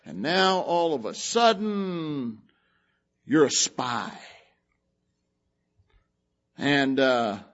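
Slow, animated preaching man. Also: medium pitch, dull audio. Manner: animated storytelling, acts out the characters. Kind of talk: sermon with scripture reading.

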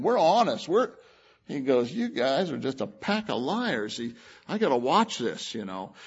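A man preaching a sermon, retelling a scripture story with lively acted-out voices. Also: a little high, slightly rough, muffled recording. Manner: animated storytelling, acts out the characters.

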